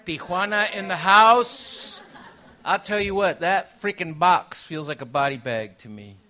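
A man's voice: sits high, unhurried. A man from Mexico, a native Spanish speaker, telling jokey stories to an audience as a panelist. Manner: animated, jokey, laughs often. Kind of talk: comic storytelling to an audience.

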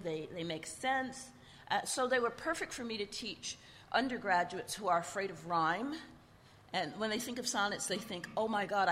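Brief: woman poetry teacher, frank and wry, everyday mid pitch, long hall reverb. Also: bright, forceful tone. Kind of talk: talk introducing a poetry reading. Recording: long reverb and faint noise.

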